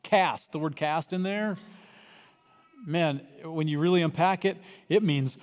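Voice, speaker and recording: Animated male pastor in reverberant church. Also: fairly high pitch, unhurried. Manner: animated, acts out voices of people in the story, swings from loud cries to hushed. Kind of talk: sermon. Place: church sanctuary. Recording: long reverb of a church hall.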